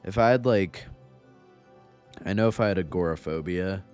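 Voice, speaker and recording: A man's voice: low-pitched, normal speed, darkish tone, soft background music. A young man giving casual, rambling gameplay commentary from home, profane and self-mocking. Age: young adult. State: a bit out of breath. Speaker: gaming YouTuber.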